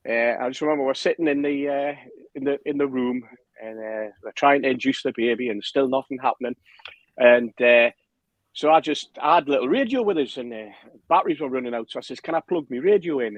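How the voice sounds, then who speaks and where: Man, lively storyteller on a podcast, mid pitch, dry close sound. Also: no room sound, rough recording. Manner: animated storyteller, acts out quotes, laughs often. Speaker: podcast guest telling a story. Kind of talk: casual anecdote.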